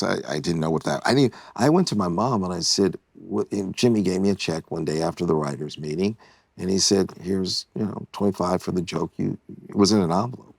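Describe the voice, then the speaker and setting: Low-voiced man telling a story. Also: vocal fry, husky, no room sound, studio quality. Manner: animated storyteller, acts out quotes. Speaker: guest. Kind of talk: casual storytelling.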